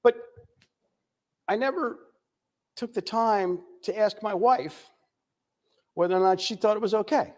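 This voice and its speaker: Older guy telling his recovery story, kinda high voice, lots of ums. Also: a little slow, pauses often, darkish tone. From United States. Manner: candid, storytelling, many "um"s. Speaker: recovery speaker. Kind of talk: recovery testimony talk.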